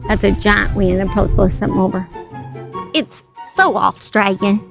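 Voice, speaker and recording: A woman's voice: mid-range voice, flat delivery, moderate pace, gravelly, over music. A woman, hosting a true crime channel, chatting casually and getting distracted outdoors in a windy yard on a clip-on mic. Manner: chatty, easily distracted, exclaiming. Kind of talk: casual outdoor vlog chat.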